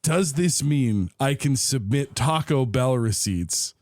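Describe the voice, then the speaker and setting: A man's voice: medium pitch, lively intonation, slow, a little mellow. A man co-hosting a morning radio show, joking around and laughing often in casual banter.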